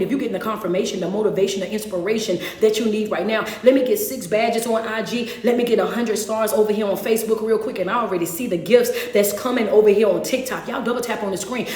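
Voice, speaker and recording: A woman giving a live-streamed motivational sermon, speaking emphatically and calling out to her viewers by name. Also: a little high. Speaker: motivational speaker and life coach. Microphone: phone livestream. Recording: echoey room.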